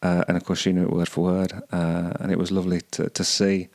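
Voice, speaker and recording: Deep-voiced man musing hesitantly. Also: completely flat delivery, a little fast, gravelly, a little mellow, no room sound, studio quality. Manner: hesitant, searching for words, many restarts. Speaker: podcast host. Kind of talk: musing commentary on song lyrics.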